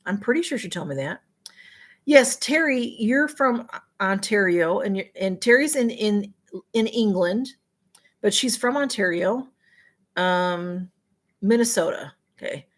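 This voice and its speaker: A woman's voice: mid-range voice, lively intonation, unhurried. Woman, livestream host, casual rambling chat with viewers, keeps apologizing for missing comments.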